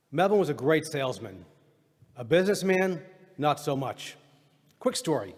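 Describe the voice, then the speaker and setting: A middle-aged man giving a eulogy for his father, telling funny stories with deadpan punchlines. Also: fairly high pitch. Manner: wry storytelling, deadpan punchlines. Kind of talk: eulogy speech with humorous stories. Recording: reverberant hall recording.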